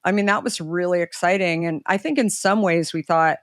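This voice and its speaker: Middle-aged woman, interview guest, lively storyteller, close dry mic. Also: a little fast, no echo. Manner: animated, acts out quoted voices with pitch leaps. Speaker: guest entrepreneur. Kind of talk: conversational storytelling.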